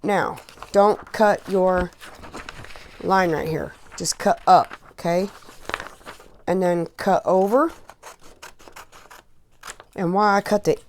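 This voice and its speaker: A woman in her forties hosts a rambling, chatty sewing tutorial, often checking in with "okay?" while holding back tears at times. Her voice is low and darkish, slow with frequent pauses, and a little hiss or hum sits in the background.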